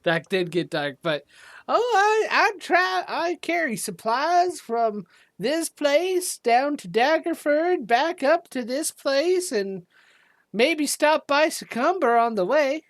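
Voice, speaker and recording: A woman game master with a fairly high voice that swings widely in pitch. She talks slowly and with a halting, playful rhythm, stopping and restarting often. The sound is dry and close, with little room echo. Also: very animated. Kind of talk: voicing a boat merchant in a tabletop game.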